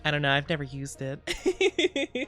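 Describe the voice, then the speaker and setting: A woman's voice: low voice, wildly swooping pitch, measured pace, fairly bright tone, soft background music. A woman streaming live, chatting casually and reading chat, giggly and rambling, her voice slightly scratchy today. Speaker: VTuber streamer.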